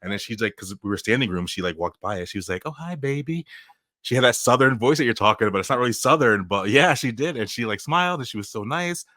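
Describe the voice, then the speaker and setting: A man co-hosting a podcast over a video call, his voice sitting on the low side. The sound is dry and close, with no room around it. He chats warmly and laughs easily. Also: expressive, quick pace, few pauses, no echo. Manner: warm, laughing, chatty. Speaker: podcast co-host. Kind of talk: casual podcast chat.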